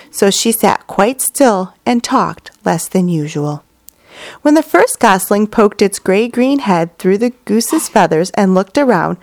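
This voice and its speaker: A woman reading a storybook aloud in an expressive, sing-song manner. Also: mid-range voice, no echo. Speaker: narrator. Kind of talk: storybook narration.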